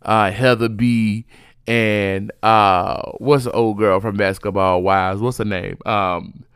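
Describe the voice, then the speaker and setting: A man's voice: fairly low pitch, slow, smooth, dry recording, studio quality. Sassy chatty man recapping reality TV. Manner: sassy, chatty, animated with frequent fillers. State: sleepy, yawning. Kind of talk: casual gossip recap.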